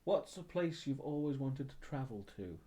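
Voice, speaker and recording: A man's voice: medium pitch, expressive, moderate pace, dark tone. A man streaming live and chatting casually as he answers viewer questions, rambling and hesitant, with many ums and restarts.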